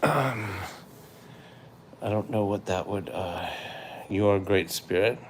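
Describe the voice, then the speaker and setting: A man hosting a casual livestream, rambling and hesitant with many fillers, often trailing off quietly. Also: lowish voice, slow pace, slight background noise. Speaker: livestream host.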